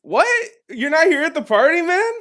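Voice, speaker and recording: A woman's voice: sits high, very animated, normal speed, a bit bright. Woman playing a frazzled young partygoer. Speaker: improv performer. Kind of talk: improvised comedy scene.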